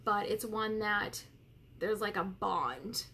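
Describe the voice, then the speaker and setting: A woman's voice: mid-range voice, slow pace, pushed and bright, slight background noise. A woman in her thirties hosting a live coaching stream, tearful and candid, swearing freely as she reads viewers' comments. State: tearful, crying while talking.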